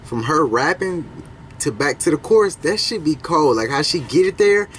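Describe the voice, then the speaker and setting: Young male reaction host, fairly high voice, slangy and excitable, faint hiss behind. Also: normal speed. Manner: loose, slangy, excitable, swears freely. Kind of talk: casual reaction commentary.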